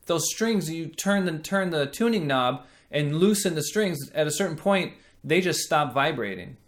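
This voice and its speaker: A vocal coach with a fairly high-pitched, animated voice takes his time explaining singing technique. He demonstrates vowels by singing them, and his delivery stays slow, patient, and reflective.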